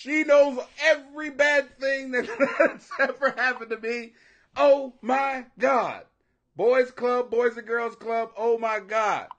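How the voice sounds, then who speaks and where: A man with a high, bright speaking pitch talks casually to viewers. He is animated and profane, jokes constantly, laughs easily, and tangles himself up on unfamiliar names. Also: creaky. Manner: animated, joking, profane, laughs often, stumbles over names.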